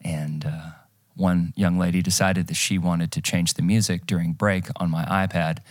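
A man's voice: sits low, little pitch movement, normal speed, no echo, clean studio sound. A man hosting a podcast, chatting casually and telling stories in an upbeat way. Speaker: podcast host.

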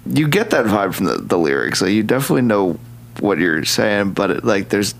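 Low gravelly-voiced male podcast host. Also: big pitch swings, brisk. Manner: easygoing, frequent short backchannels, jokey. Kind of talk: casual interview chat.

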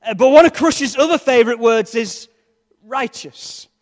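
A man's voice: very high-pitched, a little fast. A man preaching a sermon in a conversational, jokey way, with playful asides to the congregation. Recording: long reverb of a large hall.

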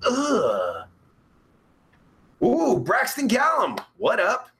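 A man's voice: high-pitched, sing-song, a little slow, pushed and bright. A young man hosting a live stream, reading out chat and answering in a rambling, profane, sarcastic way with groans and sighs.

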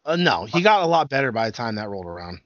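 A man's voice: medium pitch, sing-song, quick pace, a bit bright, no echo, dull audio. A man casually retelling a movie's scenes and swearing often. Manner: retells scenes with acted-out quotes, swears a lot. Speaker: movie review co-host. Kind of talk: casual chat.

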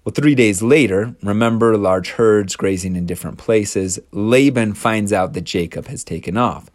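A man's voice: on the low side, normal speed, no echo, studio quality. A man teaching a casual scripture lesson, retelling the story with chatty, slangy asides.

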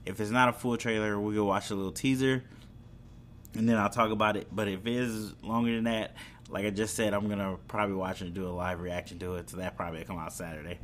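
A man's voice: on the low side, little pitch movement, quick pace, fairly bright tone, a little hiss or hum. A young man hosting a video, chatting casually about upcoming shows, rambling with fillers and restarts. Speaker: video host. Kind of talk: casual entertainment news chat.

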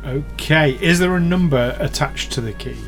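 A man's voice: on the high side, normal speed, faint music behind. A man playing in a tabletop game, practical and asking questions. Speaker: player. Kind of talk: casual tabletop play.

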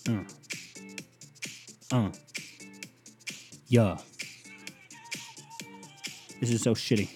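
A young man ranting comically, crude and rambling, swearing often with loud bursts. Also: on the low side, extremely slow, over music. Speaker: comedian. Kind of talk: profane comic rant.

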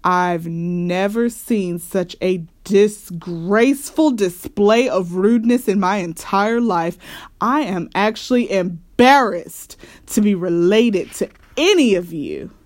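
Woman reading as a mother bear, stern and scolding, slow and measured, storybook. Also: medium pitch, natural voice. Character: patient but firm mother bear. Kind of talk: storybook read-aloud.

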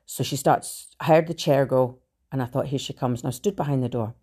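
A Scottish woman with a Glasgow accent, telling her own story in a blunt, animated monologue full of swearing. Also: extremely low pitch, fairly quick, breathy edge. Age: adult with three children. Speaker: speaker sharing her recovery story.

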